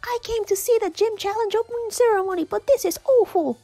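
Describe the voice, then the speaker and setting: A woman's voice: very high-pitched, quick pace, mellow, no room sound, faint music behind, pitched above the performer's own voice. A woman voicing a rowdy young punk fan gang member, brash and whiny, reading game dialogue aloud.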